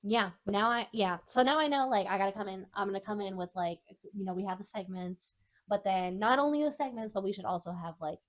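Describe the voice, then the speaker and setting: A woman's voice: medium pitch, a little fast. A young woman co-hosting a podcast, talking casually in a rambling way and laughing often. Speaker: podcast co-host. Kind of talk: casual chat.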